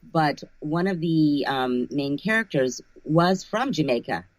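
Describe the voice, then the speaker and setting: A woman's voice: sits low, expressive, unhurried, dry recording. Woman, audiobook narrator, interview guest, thoughtful, restarts phrases, dry close sound. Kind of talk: casual interview chat.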